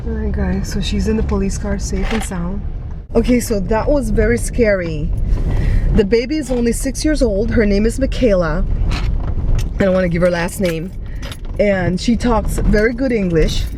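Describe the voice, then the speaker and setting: A woman in her forties, with a medium-pitched voice at normal speed, chats directly to her viewers while filming a vlog on her phone. The narration is casual, and background noise can be heard.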